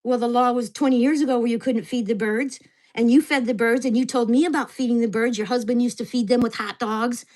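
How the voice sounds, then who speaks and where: A woman's voice: a little high, fairly even intonation, a little fast, darkish tone. A woman in her sixties, venting to camera at home in an agitated, swearing rant. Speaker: vlogger. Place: at home in a mobile home park.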